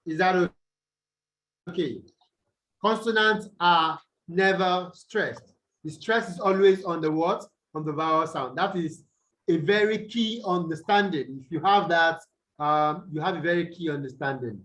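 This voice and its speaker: A man's voice: fairly high pitch, unhurried, fairly bright tone, rough recording. A Nigerian man teaching English over a video call, repeating points and quizzing his students with "what?" prompts. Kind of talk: online tutorial lecture.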